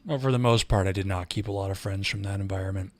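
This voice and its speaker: A man casually streaming a 3D software tutorial, rambling and swearing freely as he chats with viewers. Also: low-pitched, fairly even intonation, fast talker. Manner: profane, rambling, easily frustrated. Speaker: streamer and 3D artist.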